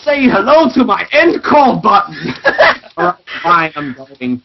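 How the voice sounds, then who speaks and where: A man's voice: high-pitched, huge pitch swings, slow, crowd noise. A man with an Australian accent chatting on a podcast call, goofy and joking, blurting out random phrases. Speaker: podcast guest. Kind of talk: casual call chat. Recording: muffled online call with hiss.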